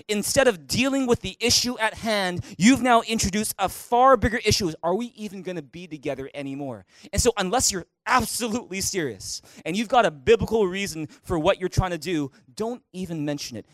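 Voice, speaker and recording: A middle-aged male pastor preaching a sermon in a church, animated, acting out angry quotes with sudden loud outbursts. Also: sits high, no room sound. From Canada. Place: church auditorium.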